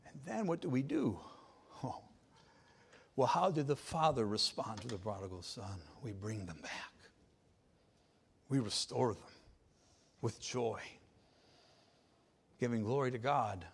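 A man's voice: medium pitch, lively intonation, a little slow, pauses often, husky. Emphatic male preacher. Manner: emphatic, repeating phrases and building to loud climaxes. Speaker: pastor. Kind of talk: sermon.

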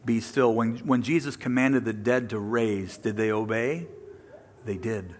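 A man preaching a sermon, acting out the people he quotes with sudden drops to a hush and rises to a loud, higher pitch. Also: steady tone, a little slow, a little hiss or hum. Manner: acts out quoted speakers with dramatic pitch and volume swings. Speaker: pastor.

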